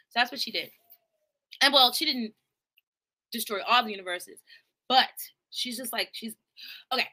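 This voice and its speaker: A woman live streamer chatting casually about a movie, rambling and animated, with swearing and laughing asides. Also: mid-range voice, brisk, pauses often. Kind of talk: casual movie recap chat.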